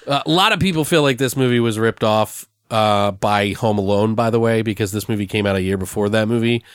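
A man's voice: fairly low pitch, a little fast, smooth, no echo, studio quality. A man hosting a movie podcast, chatting casually and reading off cast trivia with the odd curse. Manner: casual, swears, reads off film trivia. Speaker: podcast host.

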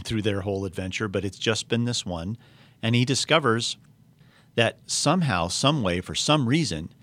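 Man retelling a story, lowish voice. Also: a bit bright. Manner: hesitant, with fillers and restarts. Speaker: speaker retelling a novel. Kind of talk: storytelling talk with reading aloud.

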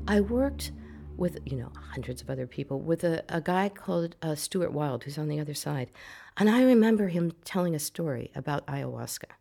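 A woman's voice: low-pitched, lively intonation, moderate pace, vocal fry, dark tone. A middle-aged woman, a psychotherapist, telling a personal story in an interview in an earnest, reflective way, repeating phrases for emphasis. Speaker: psychotherapist guest. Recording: music playing under the voice.

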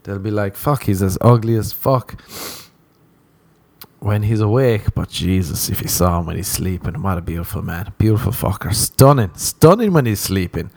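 A man talks alone into a close mic on his podcast, drifting from story to story. He swears freely, mocks himself and laughs often. His voice sits a little low, and the recording is dry with almost no room sound. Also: animated, moderate pace, a little mellow, dry recording. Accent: non-American. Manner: profane, self-mocking, laughs often. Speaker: podcast host. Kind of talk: casual solo podcast rambling.

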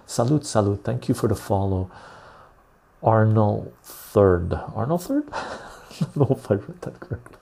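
A calm man hosting a livestreamed podcast, reading out the chat in an easy, unhurried way. His voice is dark and husky, with a gravelly, fry-laden edge. He swears freely and laughs often, yet never raises his voice. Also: mid-range voice.

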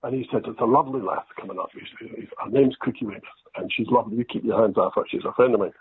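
An older Scottish man, an actor, telling self-deprecating stories in a relaxed interview. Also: medium pitch, rapid-fire, slight background noise. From Scotland. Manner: storytelling, self-deprecating, quotes others in lively voices. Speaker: actor guest. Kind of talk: anecdotal interview chat. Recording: dry tinny phone-like line.

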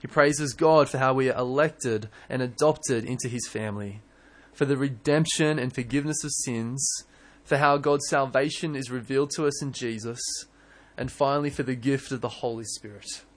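A young man preaching a sermon in church, earnest and animated, often restarting his words. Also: mid-range voice, moderate pace. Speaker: pastor.

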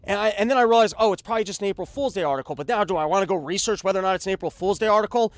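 High-voiced man ranting profanely. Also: very fast, no echo. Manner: profane, rambling, sarcastic, stammering restarts. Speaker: podcast host. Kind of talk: casual ranting commentary.

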